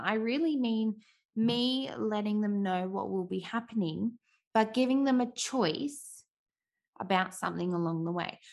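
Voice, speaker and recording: A mother talks through her own parenting in an earnest, reflective way. Her voice has a gravelly, creaky texture at a mid pitch, and she often restarts her sentences. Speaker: parenting speaker. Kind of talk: casual talk on parenting.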